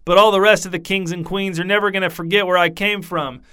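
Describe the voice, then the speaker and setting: A man's voice: sits high, level tone, quick pace, sharp tone, clear, resonant tone. A man doing a slurring, rambling drunk king. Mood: rueful. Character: drunk self-pitying male king, rambling.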